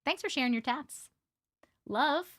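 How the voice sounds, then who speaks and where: A woman hosting a casual livestream, playful and animated as she chats and reads viewer stories aloud. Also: a little high, moderate pace, dry recording, studio quality. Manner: animated and playful, jokes with chat. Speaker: host reading viewer stories.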